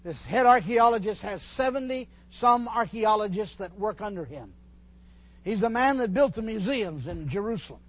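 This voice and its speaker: An older man preaching a folksy sermon in a church, teasing his congregation and pausing to restart his sentences. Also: high voice, animated. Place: church hall.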